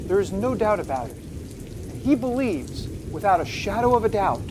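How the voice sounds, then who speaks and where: Brief: male TV host doing a playful, theatrical monologue. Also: a little hiss or hum. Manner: theatrical, drops into a low ominous voice for effect. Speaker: talk show host. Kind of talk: casual talk show monologue.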